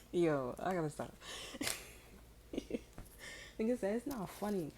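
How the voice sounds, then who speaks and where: A woman's voice: on the low side, animated, takes it slowly, background noise. A woman tarot reader in slangy, rambling casual chat, amused and full of fillers. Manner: amused, breaks into laughter.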